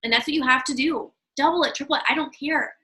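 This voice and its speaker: A woman's voice: high voice, quick pace, sharp tone, poor audio. A woman leading her sales team in an emphatic motivational talk, repeating her key points. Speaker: team leader of a sales business.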